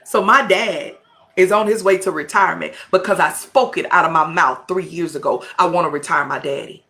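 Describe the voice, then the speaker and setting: Texan woman pastor, middle-aged, drawl, bright forceful voice, fervent colloquial preaching to a live audience. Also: fairly low pitch, fairly quick, faint music behind. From Texas, US. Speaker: pastor and podcast host. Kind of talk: impassioned motivational talk to a live audience.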